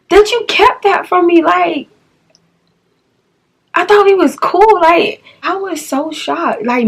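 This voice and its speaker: A young woman tells a storytime vlog. She talks bluntly and with exasperation and acts out each line of dialogue. Her delivery stays animated throughout. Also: a little high. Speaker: vlogger.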